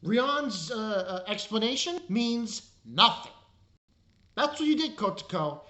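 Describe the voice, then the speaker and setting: Exasperated woman ranting with swings in pitch. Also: lively intonation, slow pace, fairly bright tone. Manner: exasperated, ranting, swears freely. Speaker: anime reviewer. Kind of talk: casual review rant.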